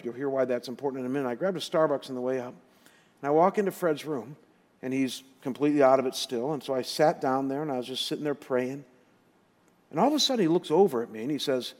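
A middle-aged man, a pastor, telling a personal story in a sermon with animated, emotional retelling and quoted dialogue. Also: fairly high pitch. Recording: long reverb of a large hall.

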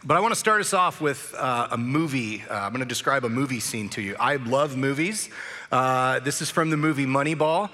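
A man preaching a sermon as pastor, telling a story in a relaxed, conversational way with frequent fillers. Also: mid-range voice, brisk. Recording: long church hall reverb.

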